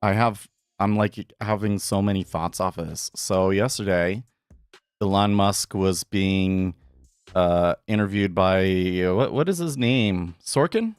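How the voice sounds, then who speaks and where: A man's voice: deep voice, measured pace, clear, resonant tone, dry recording. A man talking casually on a live trading stream, thinking aloud with frequent restarts and tangents.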